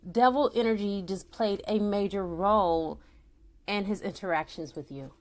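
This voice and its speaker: A woman reading tarot for her viewers, a naturopath who talks in an excitable, chatty way straight to the audience and slips into a solemn tone for invocations. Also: medium pitch, normal speed. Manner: solemn invocation voice when calling spirits.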